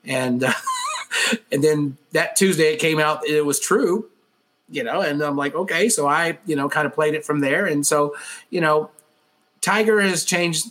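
A man with a slightly raised pitch chats loosely on a podcast. He rambles through his stories and leans on fillers. He talks like a longtime radio host. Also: a bit bright. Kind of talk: casual podcast chat.

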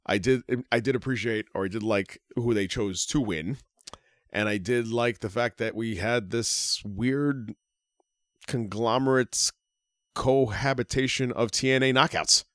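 A man co-hosting a podcast in casual chat, rambling with halting restarts and easy laughter. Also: medium pitch, a bit bright, dry recording, studio quality. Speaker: podcast co-host.

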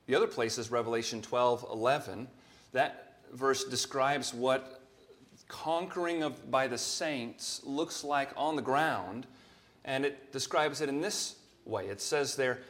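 A pastor delivering a Sunday sermon in a plain, mid-pitched male voice. He speaks earnestly and at a measured pace, lifting his voice to stress quoted scripture. The delivery sounds steady and unhurried. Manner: earnest preaching, rising in emphasis on quoted scripture.

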